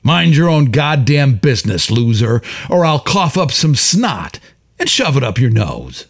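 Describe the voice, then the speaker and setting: A man voicing a hostile, ranting middle-aged customer with a rasping voice. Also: mid-range voice, very animated, unhurried.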